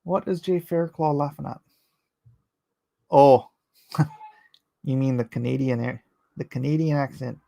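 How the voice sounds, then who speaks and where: A man's voice: medium pitch, fairly even intonation, a little slow, creaky, long pauses, mellow, no room sound. A man chatting casually with his viewers while he inks a drawing live, rambling and joking as he answers the chat. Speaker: artist streaming live while inking.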